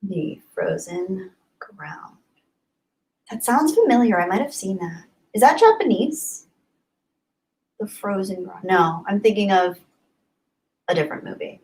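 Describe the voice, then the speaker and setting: A woman's voice: medium pitch, expressive, moderate pace, long pauses, darkish tone. A woman hosting a casual livestream, reading viewer comments aloud and answering them in an earnest, thankful, rambling way with many fillers. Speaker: YouTube livestream host.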